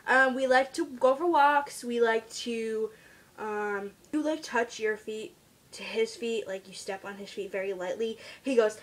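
A teenage girl chatting casually on her vlog about her pet at home, rambling and trailing off into quiet asides. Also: fairly high pitch, measured pace. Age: teens. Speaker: vlogger.

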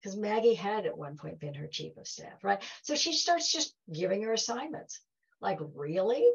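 A woman's voice: mid-range voice, animated, normal speed, gravelly, slightly rough, highs cut off. A woman giving a heartfelt talk to an audience, telling stories and acting out quoted dialogue. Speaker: guest speaker.

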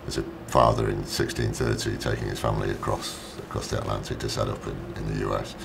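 A man, an actor, answering interview questions, halting and often repeating words as he thinks aloud. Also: a bass voice, level tone, vocal fry, noisy background. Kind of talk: press junket interview.

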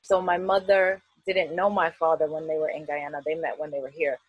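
Speaking a little fast in a low, breathy voice with little pitch movement, this middle-aged Queens woman chats as a festival artist guest on a video-call interview. She laughs a lot and leans on fillers. The sound is lo-fi.

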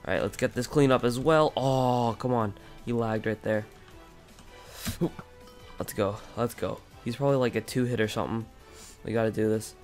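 A man's voice: mid-range voice, steady tone, normal speed, faint music behind. A man casually commentating his own gameplay, rambling and chatty, with a groggy just-woken morning voice. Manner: rambling, chatty, frequent fillers. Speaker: gaming channel host.

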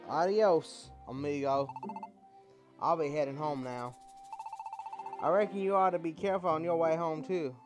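Someone doing Nuzleaf, a drawling Southern gentleman. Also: mid-range voice, moderate pace, long pauses, over music, lightly acted. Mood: gruff. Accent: American Southern drawl. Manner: drawling, homespun turns of phrase. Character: kindly folksy male Pokemon, Southern gentleman. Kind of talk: reading game dialogue aloud in character.

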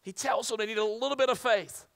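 A man preaching a sermon, swinging from loud emphatic peaks to hushed near-whispers. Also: very high-pitched, fast talker, gravelly. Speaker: pastor.

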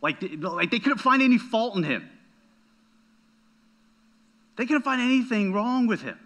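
A man's voice: very high voice, expressive, a little slow, a bit bright. A man preaching a sermon as a pastor, emphatic, often checking in with "right?" and repeating words as he goes.

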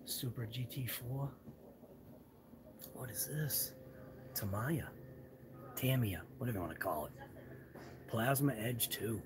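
A man's voice: medium pitch, a little slow, long pauses, noisy background. Rambling Massachusetts man touring a hobby shop. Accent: Boston-area Massachusetts, non-rhotic. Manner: rambling, chatty, muttered asides, drops his R's. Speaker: channel host. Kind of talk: live walkthrough vlog. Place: indoors in a large hobby shop.

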